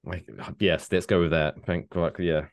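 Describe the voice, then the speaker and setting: A man's voice: low voice, fairly even intonation, a little slow, no echo. A man co-hosting a comedy podcast, swearing and joking in loose, profane banter. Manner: profane, joking, slips into silly put-on voices. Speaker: podcast co-host.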